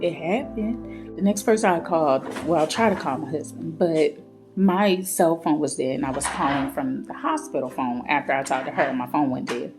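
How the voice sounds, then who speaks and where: A woman's voice: low voice, fairly quick. A woman, chatting through a personal story and acting out the people in it. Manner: chatty, retelling with quoted dialogue. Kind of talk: casual storytime vlog. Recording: faint guitar music behind. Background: soft guitar music.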